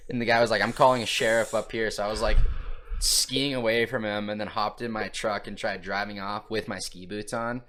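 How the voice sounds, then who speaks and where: A young man with a low voice and a bright, sharp tone. He talks in a laid-back, casual way, trading stories with friends. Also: fairly even intonation, moderate pace, slight background noise. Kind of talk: casual chat.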